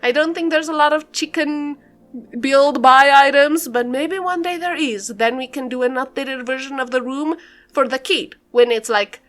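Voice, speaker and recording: A woman's voice: high voice, normal speed, a bit bright. A young woman talking through a game build in a casual voiceover, rambling and giggly with lots of fillers. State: a bit out of breath.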